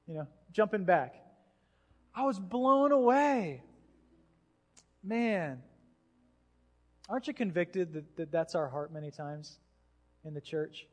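High-voiced male pastor in a reverberant church. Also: slow, pauses often. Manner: animated storytelling with acted-out quotes. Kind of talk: sermon. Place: church sanctuary. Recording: long hall reverb in a church.

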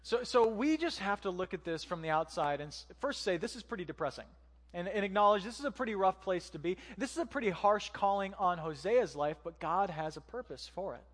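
A man's voice: high voice, expressive, a little fast, hardly any pauses, long reverb tail. A man giving a conversational sermon as pastor, using joking asides and rhetorical questions.

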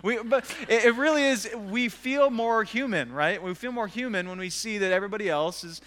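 A pastor telling a self-deprecating story in an animated way during a sermon. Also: male voice, sits high, brisk, long reverb tail. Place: church sanctuary.

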